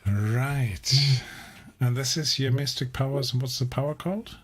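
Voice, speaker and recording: A man running a tabletop role-playing session, narrating scenes in a relaxed, descriptive way. His voice is husky and a little breathy. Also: medium pitch, a little slow. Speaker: game master.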